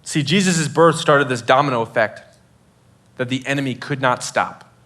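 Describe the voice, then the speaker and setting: A man's voice: mid-range voice, moderate pace, a bit bright. A man preaching a sermon to students in a casual, conversational way, full of fillers and acted-out quotes. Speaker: youth pastor.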